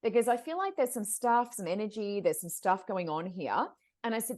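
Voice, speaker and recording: A woman's voice: mid-range voice, normal speed. A woman, a psychic medium, telling stories as a podcast guest, acting out the voices of the people in them. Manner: acts out quoted voices, expressive. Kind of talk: animated storytelling. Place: podcast recording.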